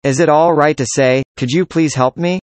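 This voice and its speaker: Speaker doing practice conversation lines, plain even delivery, dry close sound. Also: mid-range voice, normal speed, dry recording. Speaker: dialogue reader.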